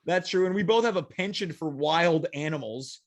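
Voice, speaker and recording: A male talk show host with a high voice, talking casually with a guest on a video call. He jokes a lot and breaks into mock announcer patter. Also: normal speed. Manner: jokey, hammy announcer bits. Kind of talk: casual comedic chat.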